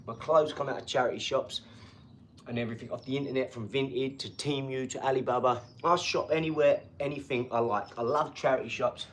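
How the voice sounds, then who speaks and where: A man hosting a casual live stream from his home garage, talking in an energetic, rambling, chatty way. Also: mid-range voice, brisk, a little hiss or hum. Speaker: livestream host.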